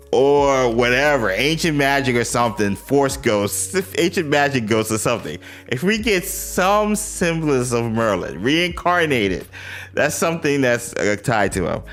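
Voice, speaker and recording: A young man hosts a live stream and chats loosely with his viewers. He speaks slowly but his pitch swings widely as he sighs, laughs and pleads. Faint music plays underneath. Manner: animated, greets chat viewers, sighs and laughs, exasperated pleading. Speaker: livestream host. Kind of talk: casual live-stream chat.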